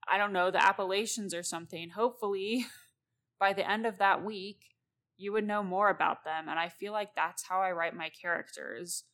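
A woman's voice: mid-range voice, a bit bright. A young woman hosting a casual solo talk on writing, chatty and rambling, laughing as she goes. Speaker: podcast host, novelist.

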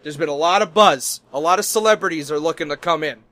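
A man riffing in improvised comedy banter, animated and swearing, jumping between loud bursts and soft asides. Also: on the high side, fast, no room sound.

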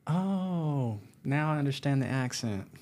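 Very low-voiced blunt woman. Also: animated, measured pace, dark tone. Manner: blunt, swears casually, dry humor. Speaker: podcast co-host. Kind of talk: casual chat.

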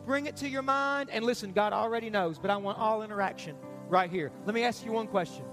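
A pastor giving an urgent, repetitive altar call in a church sermon. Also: male voice, high-pitched, fast, over music. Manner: urgent, repetitive, pleading preaching. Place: church stage.

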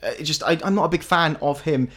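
A man's voice: a little high, fast talker, fairly bright tone. Opinionated man chatting about films. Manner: opinionated, with frequent restarts and chuckles. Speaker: podcast co-host. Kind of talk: casual film review chat.

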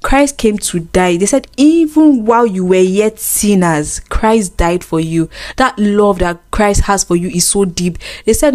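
A woman's voice: medium pitch, darkish tone. A woman co-hosting a casual faith chat, earnest and teasing. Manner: earnest, teasing, quick laughs. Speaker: co-host.

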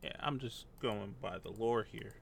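A man's voice: fairly low pitch, a little slow, vocal fry, a little hiss or hum. A man co-hosting a podcast in casual, joking banter about shows and movies. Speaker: podcast co-host. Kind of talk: casual chat.

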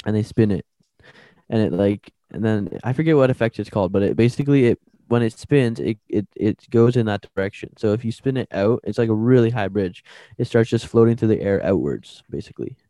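A man's voice: lowish voice, brisk, dry recording. Laid-back young man with wry asides. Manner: relaxed, chimes in with wry asides. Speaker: podcast co-host. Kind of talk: casual storytelling chat.

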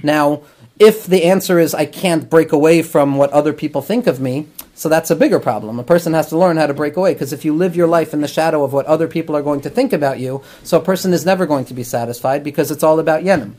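A high-pitched man gives an earnest spoken lesson. He explains ideas patiently as a rabbi and therapist, dropping Hebrew terms into his sentences. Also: fast, a little mellow. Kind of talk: talmudic teaching talk.

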